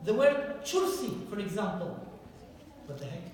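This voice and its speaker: A man giving a public history lecture to a live audience. He is lively and often puts direct questions to the listeners. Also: high voice, unhurried. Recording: echoey hall recorded from far off.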